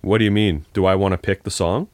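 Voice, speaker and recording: A very low-pitched male podcast co-host who talks in a relaxed, filler-heavy way while arguing his point. His voice sounds close and dry, with almost no room echo. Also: quick pace. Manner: relaxed, argumentative, uses fillers. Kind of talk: casual chat.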